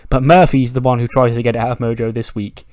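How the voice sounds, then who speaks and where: A man's voice: medium pitch, little pitch movement, fast, darkish tone. A man casually recapping a wrestling simulation game in a loose, chatty way, swearing offhand. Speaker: game video creator.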